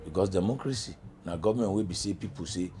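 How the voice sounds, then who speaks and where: Middle-aged nigerian guy on a talk show, low voice, gets loud and emphatic. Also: fast, a little hiss or hum. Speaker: guest, journalism lecturer. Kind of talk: studio talk show in pidgin.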